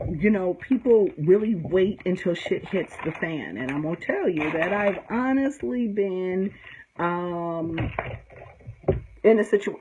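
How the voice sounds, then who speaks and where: A woman's voice: fairly low pitch, darkish tone, slight background noise, rough recording. A middle-aged woman from the United States, a conjure practitioner, giving blunt, profane, straight-talking advice in a casual teaching talk, often checking in with "okay?". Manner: emphatic storytelling with frequent "okay?".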